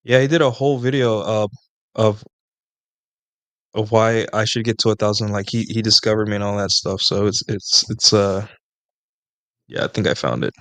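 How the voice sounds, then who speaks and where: A young man answers chat questions on a live stream in a loose, rambling way that keeps circling back on itself with restarts and fillers. His voice is smooth and clear and sits at an ordinary pitch. The sound is dry and close, with no room in it. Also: fairly even intonation, normal speed, pauses often, fairly bright tone, no room sound. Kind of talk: casual live Q&A monologue.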